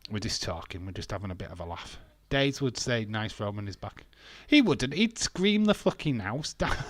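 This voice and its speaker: A man's voice: mid-range voice, no echo. A British man hosting a casual live watch-along, bantering and reading chat comments aloud with frequent laughs. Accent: British English. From England.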